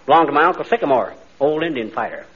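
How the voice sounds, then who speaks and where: An actor playing a brash, boastful small-town husband who blusters at the police, in 1940s radio comedy style. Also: male voice, a little high, expressive, fast, a bit bright. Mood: blustering. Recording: dull old radio broadcast with audience laughter.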